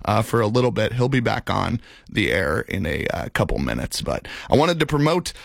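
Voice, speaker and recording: A man's voice: lowish voice, very animated, moderate pace, gravelly, no echo, clean studio sound. A man, filling in as a college radio host and chatting casually in an upbeat, rambling way. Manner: upbeat and rambling, with laughs and restarts. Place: radio studio.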